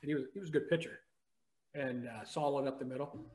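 A man's voice: medium pitch, quick pace, darkish tone. A man guest reminiscing in rambling casual conversation. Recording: roomy echo.

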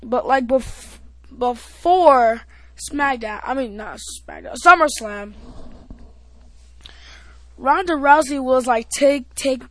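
Brief: higher-voiced woman, podcast host, rambling casual recap, dry close sound. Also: a bit bright, no echo. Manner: rambling, halting, with many restarts and fillers. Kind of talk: casual wrestling recap chat.

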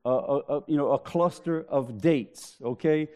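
A man's voice: on the high side, unhurried, hardly any pauses, warm tone, clear, resonant tone. A man preaching a sermon, joking with the congregation in a conversational way. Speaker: pastor.

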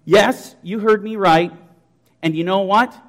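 A man preaches with a high-pitched voice. He drives every point home emphatically, his tone swelling with conviction. His rhetorical questions keep pressing the listeners. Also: measured pace. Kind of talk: sermon.

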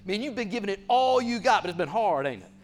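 A man playing a kindly, fatherly God in a church skit, chatting gently and reassuringly. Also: sits high, animated, fast talker. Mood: gentle fatherly. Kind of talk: acted sermon skit.

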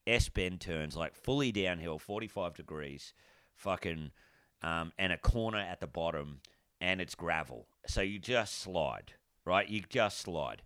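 Laid-back Australian man, lowish voice. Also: expressive, measured pace, pushed and bright, dry recording, studio quality. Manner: laughs often, encouraging, blokey. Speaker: podcast co-host. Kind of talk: casual chat.

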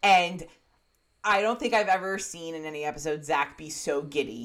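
A woman co-hosting a podcast, casually recounting a story with swearing and quick impressions. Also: sits low, fairly even intonation, fairly bright tone. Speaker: podcast co-host.

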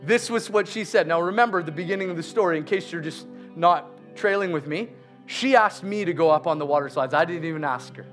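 A man preaching, telling a story about his daughter in an animated way, laughing as he goes and slowing down for emphasis. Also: a little high, faint music behind. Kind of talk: sermon storytelling.

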